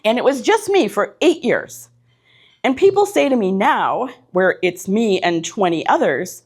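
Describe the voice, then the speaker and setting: A woman's voice: medium pitch, big pitch swings, a little slow, slightly rough. A middle-aged woman giving a motivational talk to a live audience in an event room, punchy and direct, stacking short repeated phrases. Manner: punchy, direct, repetitive lists. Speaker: keynote speaker.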